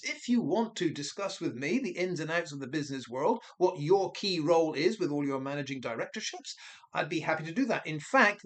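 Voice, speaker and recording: A man with a somewhat high voice delivers a one-man commentary. He sounds mocking and sarcastic, firing rhetorical questions. He often stops and corrects himself mid-sentence. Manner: rambling with frequent self-corrections. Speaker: commentary channel host. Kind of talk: monologue commentary.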